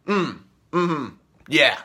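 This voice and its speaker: High-voiced man on a profane rant. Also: big pitch swings, drawn-out words. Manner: angry, profane, repetitive rant; swings from low mutter to shouting. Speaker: political commentary host. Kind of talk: ranting political commentary.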